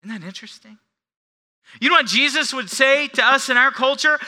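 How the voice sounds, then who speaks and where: A middle-aged male pastor preaching a sermon, swinging between quiet confession and loud, forceful preaching. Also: extremely high pitch, a little fast.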